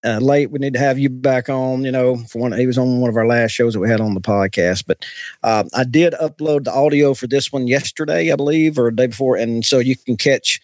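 A man's voice: medium pitch, brisk, a little mellow, dry recording. A man co-hosting a podcast in casual chat, rambling with many fillers. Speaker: podcast co-host.

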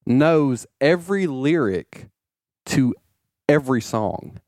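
A man's voice: mid-range voice, lively intonation, takes it slowly, darkish tone, dry recording, studio quality. A man co-hosting a casual chat, teasing his friends and laughing often. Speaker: podcast co-host. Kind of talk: casual banter.

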